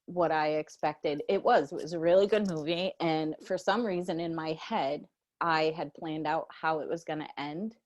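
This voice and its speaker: A woman co-hosting a casual chat, telling a story in a slangy, animated way and jumping high in pitch when she quotes herself. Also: normal speed. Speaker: podcast co-host.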